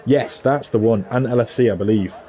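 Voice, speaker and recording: A man with a Scouse accent commentating a sim racing league, excitable and jokey. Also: a little fast, highs cut off, slight background noise. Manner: excitable and jokey, pitch leaping on big moments. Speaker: race commentator.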